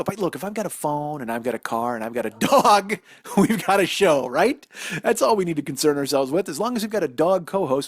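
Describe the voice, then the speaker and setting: A man in his forties with a mid-range voice rambles profanely and self-mockingly while hosting a solo comedy podcast from indoors in a house. The recording is dry, and a dog barks in the background.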